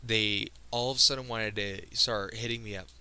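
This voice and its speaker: Speaking straight to his viewers in a personal vlog, this teenage video creator sounds emotional and earnest. His fairly low voice is very bright, cutting, steady, and clean, but the audio is poor, and he keeps breaking off mid-sentence to start again.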